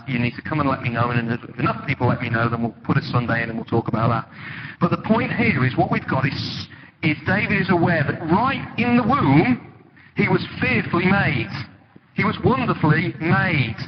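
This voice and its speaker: A man preaching a sermon in a church, conversational and animated, telling stories with sudden dramatic emphasis. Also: mid-range voice. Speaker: pastor. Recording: dull, lo-fi with loud background noise.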